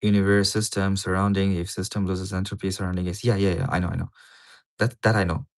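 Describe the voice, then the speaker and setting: Low-voiced man rambling on a livestream. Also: little pitch movement, fast talker, creaky. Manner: rambling, repeats words, swears casually. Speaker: livestreamer reading a paper. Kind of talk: casual livestream commentary.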